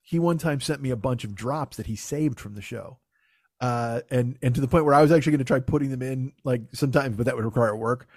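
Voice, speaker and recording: A man's voice: mid-range voice, fast, darkish tone, dry recording, studio quality. A man hosting a podcast in casual comedic banter, with sarcastic, profane rants. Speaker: podcast host.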